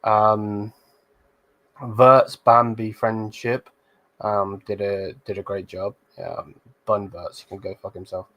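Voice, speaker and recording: A young man with a fairly low-pitched voice hosts a football live stream. He talks loosely and bluntly to his viewers, reads their comments aloud, and throws in plenty of slang and the odd swear word. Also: flat delivery, slow, fairly bright tone. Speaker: football channel host.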